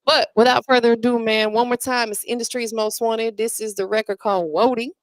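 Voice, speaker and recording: A woman hosting a casual online listening party, upbeat and full of shout-outs. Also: fairly high pitch, steady tone, brisk, no room sound. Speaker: host. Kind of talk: casual chat.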